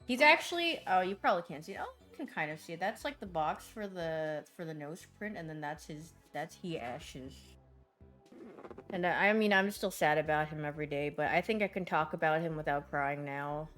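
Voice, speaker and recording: A young woman chats casually with her viewers as a streamer. She tells her stories in an animated way and slips into little voices for the people in them. Faint music plays underneath her voice. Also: deep voice, normal speed. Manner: chatty, animated storytelling with voiced asides.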